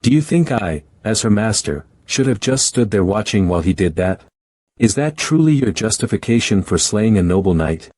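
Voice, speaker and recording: A man reading a scripted story recap, voicing every character in the same steady, even narration. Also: on the low side, moderate pace, dry recording.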